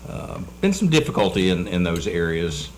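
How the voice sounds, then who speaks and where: A man with a notably deep voice chats over dinner in an easy, meandering way. He repeats words and drops fillers as he goes. A light hiss sits under the recording. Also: huge pitch swings, normal speed. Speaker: dinner guest, state delegate. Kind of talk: casual chat over dinner.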